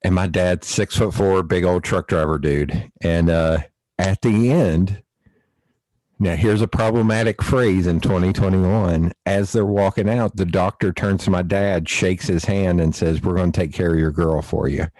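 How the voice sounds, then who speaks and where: A man hosting a podcast, telling family stories in a casual, animated way and laughing often. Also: low-pitched, measured pace, dry recording, rough recording. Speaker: podcast host. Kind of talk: casual storytelling chat.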